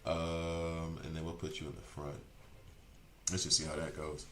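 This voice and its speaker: A man streaming a video game, chatting casually and rambling as he second-guesses his choices out loud. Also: very deep voice, completely flat delivery, normal speed, echoey room, a little hiss or hum. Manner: chatty, rambling, self-correcting. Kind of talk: casual gameplay commentary.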